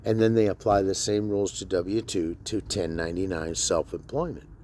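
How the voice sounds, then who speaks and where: A man's voice: sits low, normal speed, darkish tone, slight background noise. A man and military veteran talking bluntly to camera in a rambling, profane monologue full of fillers.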